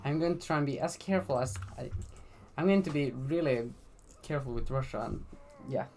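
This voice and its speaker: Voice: mid-range voice, fairly quick, a little mellow, slight background noise. A vlogger from Sweden giving casual commentary in a rambling, blunt and profane way, with frequent restarts.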